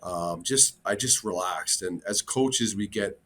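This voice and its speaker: Male coach guest, low voice, earnest casual chat, lots of "um"s. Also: unhurried, a bit bright. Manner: earnest, open, many fillers. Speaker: hockey coach, podcast guest. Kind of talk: casual interview.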